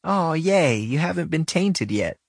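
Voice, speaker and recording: A man's voice: medium pitch, big pitch swings, a little slow, fairly bright tone, slightly rough, dry recording, clean studio sound, voice pushed up, full character voice. A man voicing a cheerful, teasing woman in her twenties who works at a bakery counter. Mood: bubbly. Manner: bubbly, teasing. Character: friendly cheerful young woman coworker, 25.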